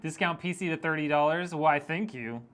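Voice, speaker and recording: A man's voice: on the high side, normal speed, fairly bright tone, faint music behind. A man with a somewhat raised voice chats loosely with his live-stream audience while building a PC. He jokes and teases his regulars and often breaks into laughter. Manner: joking, teasing, laughs often. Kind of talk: casual live-stream chat reading viewer messages.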